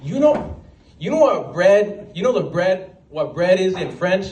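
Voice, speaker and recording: A man performing a stand-up comedy set at an open mic, telling stories with quick asides. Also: sits high, slight background noise. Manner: animated storytelling with quick asides and put-on voices. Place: small venue at an open mic night. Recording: roomy sound, voice from a distance, faint background.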